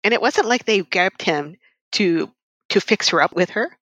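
A woman in casual conversation about a book, laughing often and acting out scenes in lively voices. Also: medium pitch, moderate pace, dry recording, dull audio.

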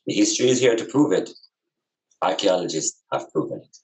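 A man's voice: low voice, expressive, fairly quick, darkish tone, low-quality recording. A man talking as a guest over a video call, reasoning earnestly with impassioned, repetitive, preacherly emphasis. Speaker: podcast guest.

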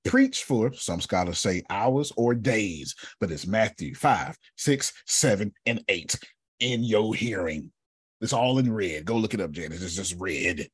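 Male speaker, preaching-style storytelling, dramatic, repeats a refrain, husky, lively pitch. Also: measured pace, dry recording. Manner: dramatic, repeats a refrain, calls on listeners by name.

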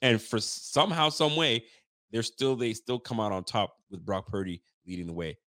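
A man hosting a casual sports talk livestream, swearing freely and getting worked up, his voice jumping high when he's fired up. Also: normal speed. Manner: animated, profane trash talk; pitch swings up when fired up. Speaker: sports talk show host.

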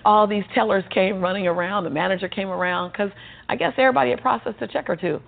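A woman guest telling her life story in a lively, motivational way, acting out the dialogue and laughing often. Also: medium pitch, fast talker, vocal fry. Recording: tinny phone-like sound with faint music.

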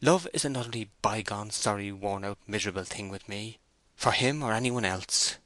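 A man's voice: lowish voice, fairly quick, fairly bright tone, no room sound, close to an everyday voice. Bathsheba, a troubled young woman read by a man. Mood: anxious. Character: young woman farm owner, proud and troubled. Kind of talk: audiobook character voice.

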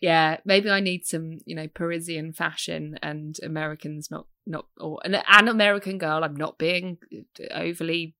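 A woman co-hosts a podcast, chatting with enthusiasm and quick laughs. Her voice is bright and forceful, a little low. The recording is dry and close. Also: steady tone, dry recording. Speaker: podcast co-host. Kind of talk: casual chat.

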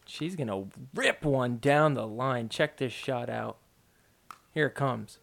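A man's voice: mid-range voice, slow pace, vocal fry, a bit bright. A man hosting a podcast, giving a casual, joking play-by-play recap of matches and poking fun at the referees. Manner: joking, mocks referees in quoted asides.

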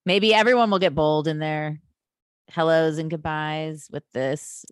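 A woman's voice: sits low, steady tone, measured pace, clear, resonant tone, no echo, studio quality. A woman co-hosting a podcast in casual chat, playful and chatty, swearing casually. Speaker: podcast co-host.

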